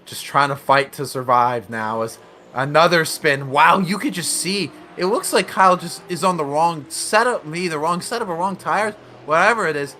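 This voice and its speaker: A man commentating a sim racing league event, excitable and often correcting himself mid-sentence. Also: fairly high pitch, normal speed, slight background noise. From United States. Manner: excitable, self-correcting, laughs along. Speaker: race commentator.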